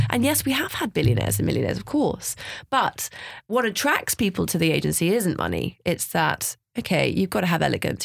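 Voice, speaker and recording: A woman's voice: fairly low pitch, creaky, dry recording. A woman, the founder of a dating agency, chatting animatedly in a studio interview. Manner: chatty and animated, quick asides, bursts of laughter. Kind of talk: casual interview chat. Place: small cosy studio.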